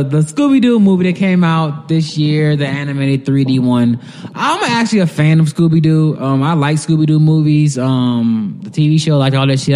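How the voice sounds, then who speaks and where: A slightly mellow, high-leaning male voice with a long reverb tail belongs to a podcast co-host. In casual chat he retells a TV episode, rambling, swearing and laughing as he goes over scenes.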